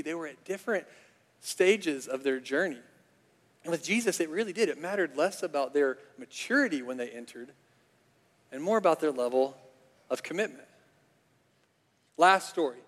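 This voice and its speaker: A man preaching a sermon as pastor, animated and conversational, with frequent fillers. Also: high-pitched. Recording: long reverb of a large hall.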